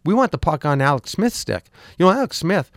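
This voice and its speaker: A man's voice: fairly high pitch, big pitch swings, brisk, no echo, clean studio sound. A man coaching hockey, answering questions in a casual interview, rambling with lots of restarts and fillers, his voice a little worn. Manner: rambling, repeats words, frequent ums. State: slightly lost voice.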